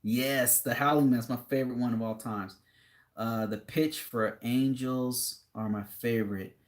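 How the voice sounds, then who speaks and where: A man's voice: mid-range voice, steady tone, measured pace. A young man streaming live, reading viewer comments aloud and chatting casually in a laid-back, rambling way with frequent laughs.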